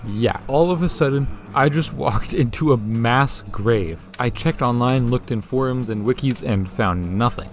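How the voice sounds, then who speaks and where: Young male vlogger, scripted jokey narration, average pitch, light music bed. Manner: jokey, lively, with swearing and laughs. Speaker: YouTuber.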